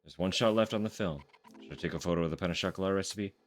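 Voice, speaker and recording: A man's voice: deep voice, very fast, soft background music. A man streaming a game, talking casually, swearing and laughing easily. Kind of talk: casual gameplay commentary.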